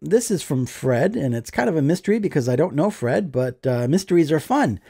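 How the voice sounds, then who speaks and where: A man's voice: fairly high pitch, big pitch swings, fairly quick, vocal fry, few pauses, warm tone, husky, no room sound, clean studio sound. A man chatting casually as he opens mail, enthusiastic and joking. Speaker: card collecting vlogger. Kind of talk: casual mail opening chat.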